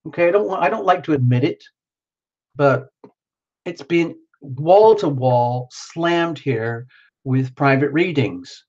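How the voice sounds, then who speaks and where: A man's voice: a little high, slow, a little mellow, highs cut off. A worn-out man hosting a tarot livestream, rambling casually and greeting viewers by name.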